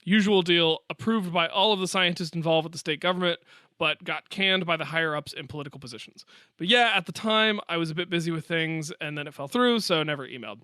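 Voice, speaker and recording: A man's voice: fairly high pitch, fast, pushed and bright, no echo, clean studio sound. A man co-hosting a science podcast, reading a listener email aloud in a chatty, joking way. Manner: chatty, jokey, playful asides. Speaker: podcast co-host.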